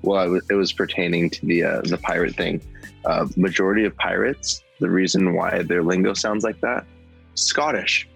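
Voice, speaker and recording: A man appearing as a guest on a casual podcast, talking in a laid-back, unhurried way. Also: sits low, steady tone, vocal fry, a bit bright, faint music behind, poor audio.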